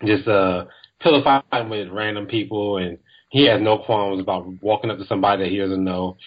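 A man's voice: fairly low pitch, steady tone, brisk, muffled recording. A man co-hosting a podcast in casual chat, telling stories in a laid-back way with lots of fillers. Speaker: podcast co-host.

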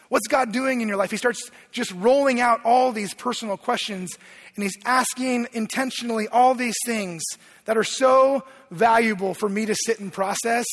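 A husky middle-aged pastor tells stories from the pulpit, swinging between loud, lively stretches and hushed, tender moments. His voice sits high for a man. A long reverb from the big church hall trails after his words. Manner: animated storytelling, shifting from loud to hushed. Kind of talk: sermon. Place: church sanctuary.

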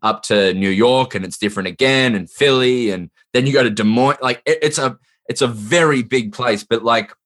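A man's voice: mid-range voice, moderate pace, a bit bright. An Australian man, a comedian guest on a podcast, explaining things in an easygoing, thoughtful way. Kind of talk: casual chat.

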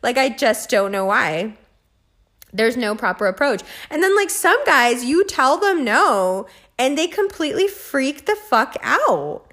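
A woman rants casually and bluntly, cursing freely and filling her talk with "like" and slang. Her voice sits a little on the high side. She laughs easily between points. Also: unhurried. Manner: blunt, profane, animated with frequent laughs and filler "like". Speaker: host. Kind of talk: casual ranting monologue.

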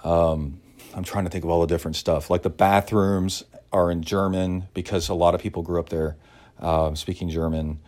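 A man's voice: deep voice, fairly even intonation, normal speed, darkish tone. A man from Texas hosting a solo podcast, telling a chatty, digressive story full of "like" and "uh". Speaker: podcast host and triathlon coach.

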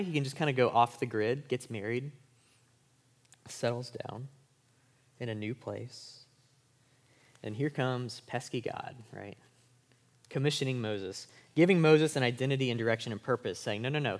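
A man preaching a sermon to college students. His voice sits at an average pitch and his delivery is informal and conversational. He keeps the listeners with him by asking "right?". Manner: speaks to college students in everyday language. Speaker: pastor.

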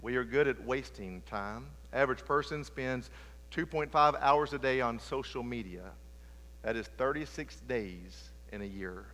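A middle-aged man preaching a sermon with passion, swinging between loud emphatic lines and hushed low ones. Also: unhurried. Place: church sanctuary. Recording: long reverb of a large hall.

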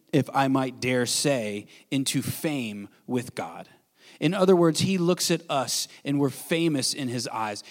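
A man pastor preaching an earnest sermon in a church, swinging between bold declarations and hushed, quiet passages. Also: medium pitch, big-room sound. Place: church sanctuary.

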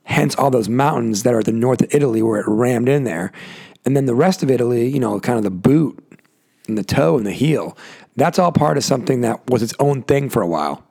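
Solo podcast host, male, gravelly and husky, worn-out voice, rambling and chatty. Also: mid-range voice, lively intonation, fairly quick, darkish tone. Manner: rambling, self-interrupting, joking asides. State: tired, voice worn out. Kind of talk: casual solo podcast monologue. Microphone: adjusting a desk mic himself.

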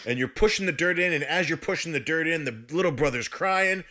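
Man, casual storyteller, bright forceful voice, animated and profane. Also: fairly high pitch, brisk. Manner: animated, swears, laughs through his story. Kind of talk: casual storytelling among friends.

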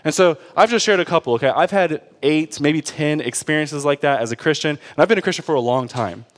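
A man's voice: a little high, brisk. A young man preaching a sermon as a pastor, casual and conversational, often checking in with his listeners. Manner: conversational, checks in with "okay?" and "all right?". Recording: long hall reverb.

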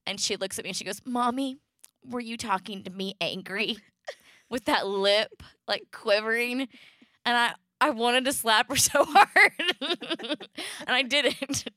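A woman in her thirties telling a story on a casual podcast chat, animated and laughing often as she acts out voices. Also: a little high, measured pace, no echo, clean studio sound. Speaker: podcast co-host; mother.

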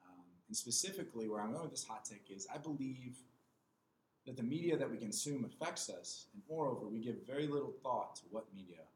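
A man's voice: mid-range voice, animated, a little fast, darkish tone, a little hiss or hum. Earnest young man in an echoey room. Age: 20s. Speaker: podcast guest. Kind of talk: casual podcast chat, reading a passage aloud. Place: small room with other people. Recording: roomy echo with faint ambience.

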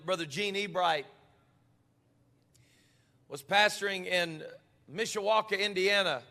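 A male pastor telling stories in a sermon, then building to passionate shouted preaching in a church. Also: high-pitched, big-room sound.

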